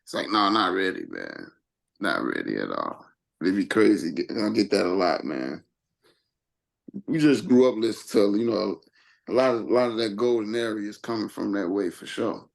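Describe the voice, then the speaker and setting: A man's voice: on the low side, moderate pace, vocal fry, darkish tone. A man from Chicago, a hip hop artist guesting on a podcast, talking laid-back and ending lines with "man". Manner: laid-back, drops "man" at line ends. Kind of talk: casual chat.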